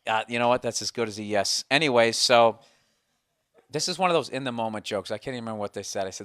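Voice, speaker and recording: A man's voice: mid-range voice, fast talker, a bit bright, no echo, studio quality. A man hosting a podcast, telling a comic story in a rambling, profane, self-mocking way. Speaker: podcast host. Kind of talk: casual comedic storytelling.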